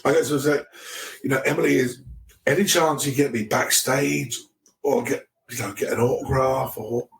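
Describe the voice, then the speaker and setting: A man's voice: medium pitch, steady tone, vocal fry. A middle-aged man, a podcast guest, telling a story casually, often restarting his sentences with stammers. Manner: halting, with many restarts and stammers.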